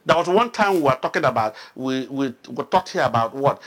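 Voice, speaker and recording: A man's voice: mid-range voice, lively intonation, brisk, slight background noise. A pastor from Nigeria, teaching an interactive sermon and quizzing his congregation with frequent questions. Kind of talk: interactive sermon, Bible study.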